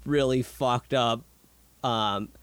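Excitable young man, dry close sound. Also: medium pitch, smooth, no room sound. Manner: swears a lot, excitable and quick to react. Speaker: podcast co-host. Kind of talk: casual chat.

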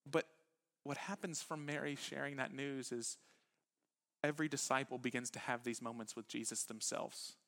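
Conversational pastor preaching warmly. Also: male voice, mid-range voice, normal speed, gravelly. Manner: conversational preaching that moves between quiet, intimate lines and animated bursts. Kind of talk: sermon. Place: church sanctuary with live congregation.

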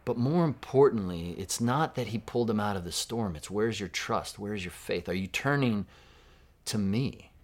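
A pastor from Southern California delivers a sermon at a moderate pace in a fairly low voice, relaxed and conversational. He muses aloud, poses questions to listeners, and goes hushed when quoting words.

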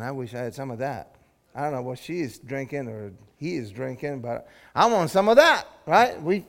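A man preaching a sermon with animated delivery, swinging from loud exclamations to hushed asides. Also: on the high side, long reverb tail. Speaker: pastor.

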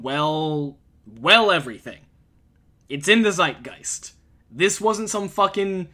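A man's voice: high voice, sharp tone. A man giving heated, profane, emphatic commentary as a video host. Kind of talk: ranting commentary.

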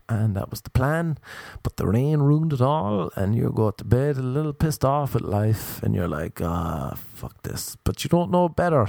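A man's voice: medium pitch, gravelly, dark tone, no room sound, studio quality. A young Irish man telling a rambling comic story, ranting with exasperation and swearing. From Ireland. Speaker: stand-up comedian.

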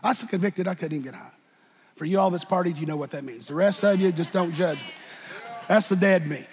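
A man preaching a sermon and telling his own story, shifting from shouted bursts to hushed, quiet talk in a folksy way. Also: sits high, lively intonation, brisk. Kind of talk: sermon with personal testimony. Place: church sanctuary. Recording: long church reverb.

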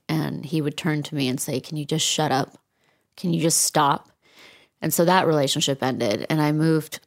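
A woman's voice: low-pitched, vocal fry. A middle-aged woman speaking as an interview guest, frank and reflective with dry asides. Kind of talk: candid interview conversation.

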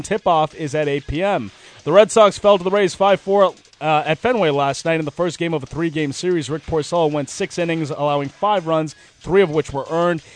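A man hosting sports radio with a slightly raised pitch. He reads scores briskly and slips into loose, chatty banter. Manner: brisk scripted reads, then laughing banter. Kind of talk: sports news update and casual studio chat.

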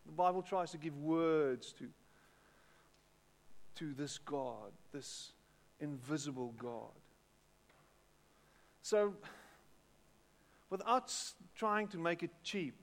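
A man's voice: a little high, creaky. A man with a South African English accent preaching a sermon, chatting with the congregation and often repeating words. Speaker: pastor. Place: church hall with long reverb. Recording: echoey hall.

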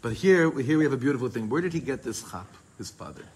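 A man's voice: medium pitch, animated, quick pace, darkish tone, slightly rough. A man teaching a Torah class as a rabbi, speaking emphatically and mixing Hebrew terms into his English.

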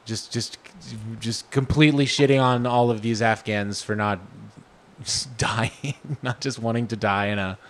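A man's voice: fairly low pitch, fairly even intonation, measured pace. A man co-hosting a podcast, rambling and joking crudely in casual banter. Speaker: podcast co-host.

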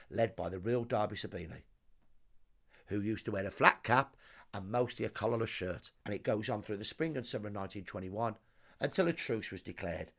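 A man's voice: lowish voice, a bit bright. A man, a historian guest telling a vivid story with emphatic, dramatic lists. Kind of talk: storytelling explanation.

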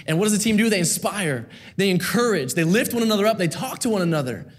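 A man's voice: sits high, lively intonation, fast talker. A man preaching a sermon to a church, earnest and rhythmic, repeating key phrases with rising emphasis.

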